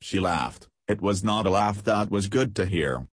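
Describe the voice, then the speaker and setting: A man narrating an audiobook in a steady, measured reading. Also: sits low, no echo.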